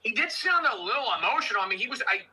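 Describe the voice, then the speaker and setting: A man hosting a casual livestream, loud and joking, trading banter with his guest. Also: very high voice, animated, racing, husky, poor audio. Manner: loud, joking, mocking impressions. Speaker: livestream host.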